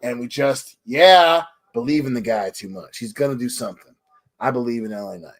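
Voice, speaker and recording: A man's voice: mid-range voice, brisk. A man co-hosting a podcast, upbeat in casual chat, often restarting his sentences. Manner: stumbling, repeated restarts, upbeat. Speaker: podcast co-host.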